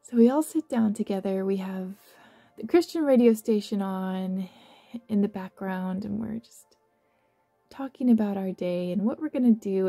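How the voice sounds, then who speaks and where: Warm gravelly-voiced woman guiding a visualization. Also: mid-range voice. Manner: soft, slow and affectionate, with gentle laughs. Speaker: meditation guide. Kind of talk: guided visualization narration.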